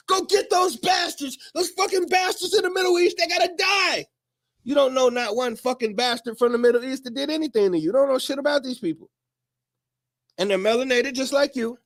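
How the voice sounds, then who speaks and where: A man speaking in a profane, preachy monologue to his viewers, often rising into shouts. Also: very high voice. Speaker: commentator. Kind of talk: animated monologue to camera.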